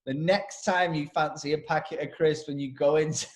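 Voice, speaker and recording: A man's voice: a little high, steady tone, fairly quick. A man co-hosting a casual podcast, talking in a rambling, blunt way with many restarts. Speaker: podcast co-host, personal development coach. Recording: roomy echo.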